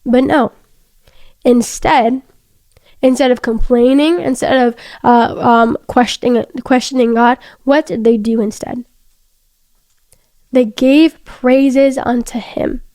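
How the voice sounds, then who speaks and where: Young female host, high voice, earnest casual devotional chat, dry close sound. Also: mellow, no room sound. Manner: earnest, storytelling, many fillers and restarts. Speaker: faith podcast host.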